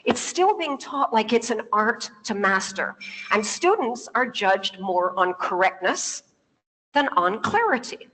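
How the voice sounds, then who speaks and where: Lively woman giving a talk in a reverberant hall. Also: on the high side, unhurried. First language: English. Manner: lively storytelling, laughing often, asking the audience questions. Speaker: public speaker. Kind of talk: public talk with anecdotes. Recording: long reverb of a large hall.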